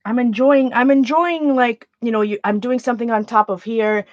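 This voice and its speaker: A woman's voice: on the high side, fairly even intonation, moderate pace, dry recording, highs cut off. A Canadian woman chatting casually on a livestream while making art, rambling and often restarting her sentences.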